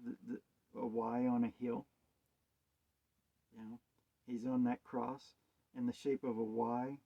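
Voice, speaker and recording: A creaky, mid-range male voice belongs to a self-styled preacher giving a hesitant, meandering talk on scripture and wordplay. He muses through rhetorical questions, and the audio is dull and lo-fi.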